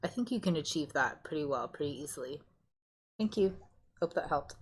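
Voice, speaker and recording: A woman giving a casual pick-a-card tarot reading, rambling and hesitant with many pauses and restarts. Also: deep voice, animated, a little hiss or hum. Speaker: tarot reader.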